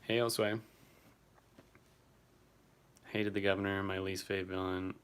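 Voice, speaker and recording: A man's voice: low voice, flat delivery, unhurried, fairly bright tone, clear, resonant tone. A young man casually chatting on a livestream, answering viewers by name and swearing now and then. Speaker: streamer reading live chat.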